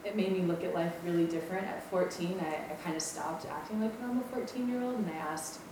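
A woman's voice: lowish voice, quick pace. A woman in her twenties from Maui, on staff with a campus ministry, sharing a chatty, self-deprecating personal testimony with many ums. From Maui, Hawaii. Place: lecture room. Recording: echoey room, distant mic, background noise.

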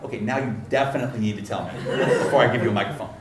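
A man preaching a sermon, telling a story and acting out the dialogue in an animated way. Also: mid-range voice, very fast, very noisy. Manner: animated, acts out dialogue with laughter. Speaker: pastor. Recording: echoey room, mic at a distance.

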